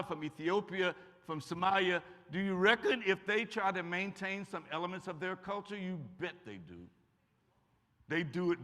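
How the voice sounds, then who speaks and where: An older man with an Eastern Kentucky accent is a guest speaker at a college auditorium, giving a folksy, joking lecture and then taking audience questions. His voice is high-pitched and sharp, and the hall sounds echoey.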